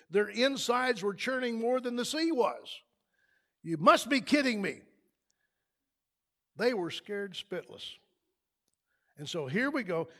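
A man preaching a sermon in a church, building to loud emphatic peaks. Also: high-pitched. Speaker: pastor. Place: church sanctuary.

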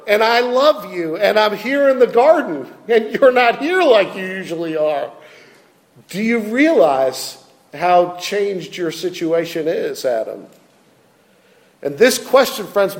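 A man preaching a sermon, expressive, acting out quoted lines with feeling. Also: fairly high pitch, big-room sound.

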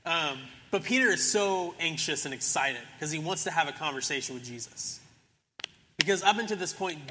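A young man preaching to a church with a very bright, forceful voice that rides a little high for a man. He tells the story casually and acts out each character's lines. The long reverb of a big church sanctuary trails behind his words. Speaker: pastor. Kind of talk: sermon.

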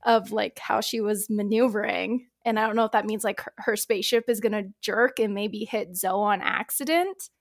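Speaking with a gravelly, medium-pitched voice at a moderate pace and with few pauses, a woman narrates her character's moves in a tabletop role-playing game. Her talk wanders, packed with fillers such as "like" and "I think."

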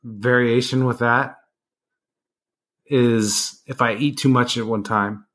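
A man in his forties talks as an interview guest. His voice sits at an ordinary pitch, and he answers in a plain, matter-of-fact way. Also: steady tone, slow, a bit bright. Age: 40s. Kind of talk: casual interview chat.

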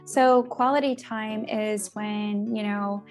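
A woman guest co-host on a relationship talk show speaks at medium pitch with fairly even intonation, slowly and a little mellow, faint music behind her. She chats casually, explaining ideas through acted-out everyday examples.

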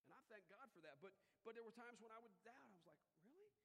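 A middle-aged man preaching a sermon in a conversational way that swings from quiet asides to loud, emphatic peaks. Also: sits high, expressive, quick pace, vocal fry, in a large hall. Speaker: pastor.

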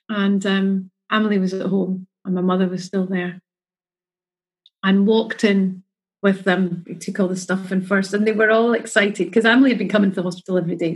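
Husky mother telling a story. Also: mid-range voice, poor audio. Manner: chatty, emotional, acts out quotes. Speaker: mother sharing her story. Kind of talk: casual storytelling.

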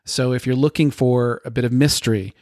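A man's voice: mid-range voice, fairly even intonation, brisk, darkish tone, dry recording, studio quality. A man co-hosting a casual podcast chat, enthusiastic and prone to repeating words as he talks. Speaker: podcast co-host.

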